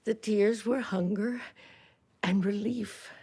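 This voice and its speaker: An actress playing an elderly woman who served as a nurse in a great war, recalling it softly and reflectively, sometimes dropping to a whisper. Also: mid-range voice, steady tone, slow, slightly rough. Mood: tender. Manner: soft, reflective, drops to a whisper at times. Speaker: former wartime nurse recalling her past. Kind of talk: first-person docudrama narration.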